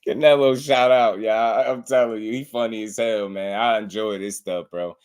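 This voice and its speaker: A man's voice: fairly low pitch, fairly even intonation, normal speed. Laid-back slangy man on a livestream. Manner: laid-back slangy banter, laughing often, shouting out chat. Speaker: boxing commentary host. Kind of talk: casual live-stream commentary.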